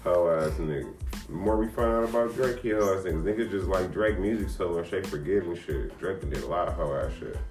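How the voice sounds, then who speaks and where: A man's voice: low-pitched, fairly quick, a little mellow. A man co-hosting a casual chat show, profane and joking, laughing often. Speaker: podcast co-host. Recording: roomy echo, faint music.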